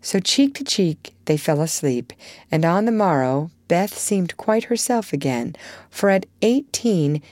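Low-voiced woman narrating a classic novel. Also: very animated, a little slow, darkish tone, dry recording. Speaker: audiobook reader.

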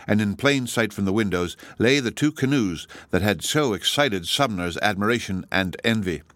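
A man narrating an audiobook story in a steady, measured reading. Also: fairly low pitch, dry recording. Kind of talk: scripted narration.

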